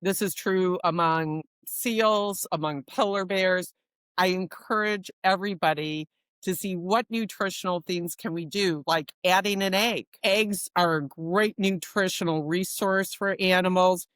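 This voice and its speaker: A woman answering interview questions as a guest expert on dog feeding, in a measured, explanatory way. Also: lowish voice, fairly bright tone, clear, resonant tone, dry recording, studio quality.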